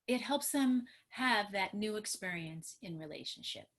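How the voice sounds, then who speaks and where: A middle-aged woman, a trauma therapist, giving an animated, emphatic webinar talk on a video call and acting out what parents and children say. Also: medium pitch, measured pace, gravelly. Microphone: computer mic on a video call.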